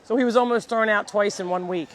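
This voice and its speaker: Talking fast in a mid-range voice, a woman who runs an animal sanctuary chats casually during a live tour outdoors on the farm, with a faint crowd in the background. She holds a handheld mic and coos baby-talk at the animals.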